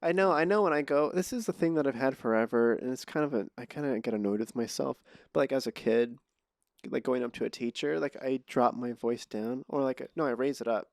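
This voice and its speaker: A man's voice: mid-range voice, fairly quick, gravelly, a little mellow, dry recording, clean studio sound. A man hosting a podcast, chatting casually and often restarting his sentences. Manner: rambling, trails off and restarts sentences. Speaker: podcast host. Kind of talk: casual conversation. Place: Los Angeles.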